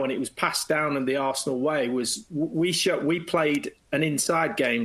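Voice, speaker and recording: A middle-aged man, a former footballer, telling anecdotes as a guest in a lively way and slipping into quoted voices. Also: a little high, poor audio. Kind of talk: anecdotal storytelling.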